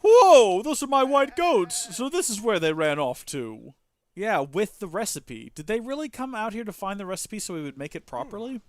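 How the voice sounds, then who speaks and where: A man's voice: high voice, big pitch swings, normal speed, no echo, voice pushed up. A man reading game dialogue aloud as an earnest, apologetic male goat keeper who frets over his animals. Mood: earnest, remorseful. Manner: emotional, fretful and heartfelt.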